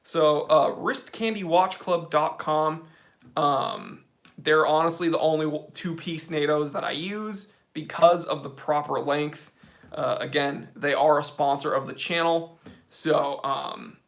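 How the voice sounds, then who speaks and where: Bright-voiced chatty male host. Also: a little high, flat delivery, measured pace. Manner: chatty, rambling, lots of fillers. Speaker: watch channel host. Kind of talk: casual live Q&A.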